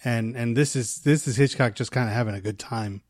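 A middle-aged man co-hosting a podcast, talking enthusiastically about films with many restarts and a voice that trails off softly. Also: mid-range voice, fairly quick, dry recording, clean studio sound. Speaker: podcast co-host. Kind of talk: casual movie chat.

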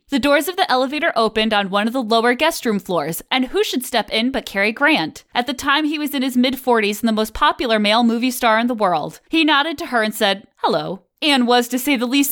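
A woman co-hosting a podcast, telling and reading out a story with an expressive delivery and easy laughter. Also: a little high. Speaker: podcast co-host. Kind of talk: casual chat, reading a story aloud.

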